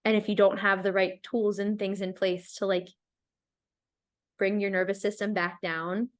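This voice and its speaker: A young woman with an American accent chats loosely on her podcast, her sentences wandering through fillers and restarts. Her voice sits at a middling pitch for a woman, and she laughs easily between thoughts. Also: little pitch movement, normal speed. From United States. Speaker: podcast host. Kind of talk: casual chat.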